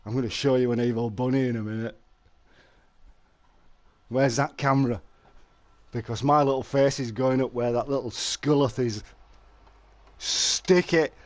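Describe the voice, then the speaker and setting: A man's voice: medium pitch, fairly even intonation, moderate pace, long pauses, a little mellow, no room sound. A man streaming a fishing game live, chatting and joking with his viewers and answering their messages.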